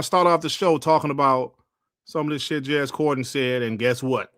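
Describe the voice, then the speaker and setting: A man's voice: mid-range voice, normal speed, a bit bright, dry recording, studio quality. A man hosting a gaming podcast livestream in a casual, profane, laid-back way, grumbling at technical trouble. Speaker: podcast host.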